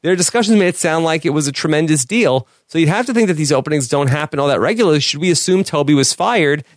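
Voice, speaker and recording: A man co-hosting a podcast, reading listener emails aloud in a casual, halting way with many "uh" fillers. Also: fairly high pitch, lively intonation, no echo, studio quality. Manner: reads letters aloud, halting with frequent "uh" fillers.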